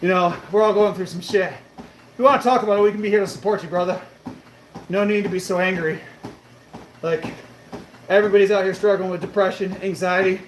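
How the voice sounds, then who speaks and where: In an echoey room with faint noise behind him, a man streams casually, fielding questions from his fitness audience. His high voice holds a steady tone and moves fairly quickly, broken by frequent pauses. He swears liberally and calls viewers bro and brother.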